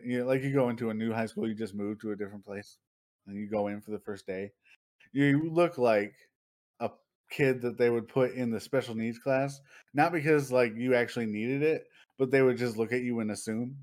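A young man chatting casually as a podcast co-host, telling stories with lively acted-out outbursts and frequent laughter. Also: mid-range voice. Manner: animated storytelling, acting out people with loud outbursts, laughs often. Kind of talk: casual chat.

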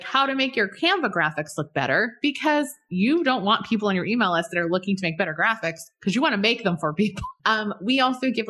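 A woman guest on a podcast, talking about email marketing in a bubbly, animated way, often laughing and acting out examples. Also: medium pitch. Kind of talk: casual podcast conversation.

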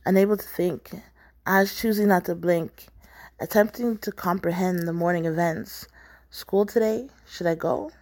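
A woman's voice: lowish voice, measured pace, darkish tone. A woman, the author, reading her own book aloud in an intense, poetic, rhythmic spoken-word style.

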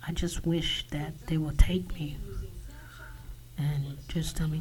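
A man talking alone on his podcast in a halting confessional monologue, often dropping to a whisper and swearing. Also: fairly high pitch, steady tone, darkish tone, low-quality recording. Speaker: podcast host.

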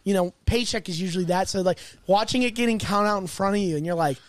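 A man's voice: high-pitched, fast talker, no echo. A man hosting a casual podcast chat, telling a long story and swearing freely as he goes. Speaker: podcast host.

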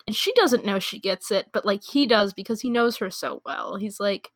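A young woman co-hosting a casual chat, talking in quick asides and laughing often. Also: medium pitch, no room sound. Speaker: podcast co-host. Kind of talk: casual chat about anime.

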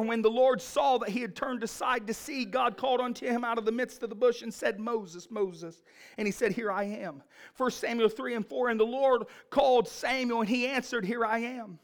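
Male pastor, high voice, preaching style; shifts from soft scripture reading to rising, shouted exhortation. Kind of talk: sermon.

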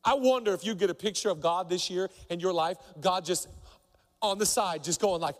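A middle-aged man preaching a sermon as pastor, telling stories and acting out the people in them with big jumps in voice. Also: fairly quick. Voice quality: acts out quoted voices with big pitch jumps. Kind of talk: sermon with animated storytelling. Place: church auditorium. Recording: long hall reverb.

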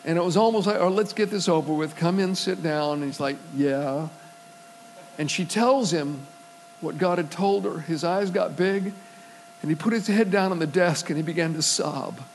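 A man with a high, light voice preaching in a storytelling way. He acts out the people in his stories and swells into emphatic preaching. A faint hum sits under the recording. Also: moderate pace, rough recording. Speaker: pastor. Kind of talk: sermon.

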